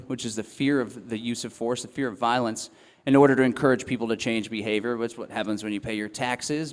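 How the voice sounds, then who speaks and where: A young man giving a talk to a festival audience, earnest and reflective, pausing often with ums and restarting his phrases. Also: mid-range voice. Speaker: festival speaker. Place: event hall or tent. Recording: long hall reverb.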